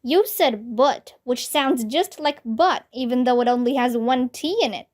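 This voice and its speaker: A woman's voice: high voice, unhurried, a little mellow. Woman voicing a teasing bald principal ghost. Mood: coaxing. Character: bald ghost of a school principal, male, adult, calm and teasing.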